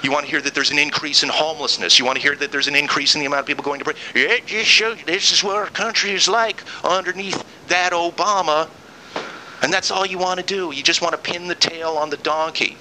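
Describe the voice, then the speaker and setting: Bright-voiced ranting man. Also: fairly high pitch, steady tone, quick pace, a little hiss or hum, rough recording. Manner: angry, ranting, sarcastic mock quotes. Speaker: podcast host. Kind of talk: solo political rant.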